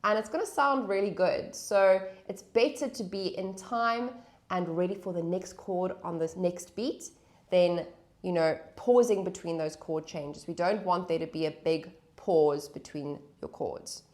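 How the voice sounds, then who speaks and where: A guitar teacher with a fairly low, slightly mellow voice speaks at a measured pace. She patiently announces chords and counts beats aloud while strumming an acoustic guitar.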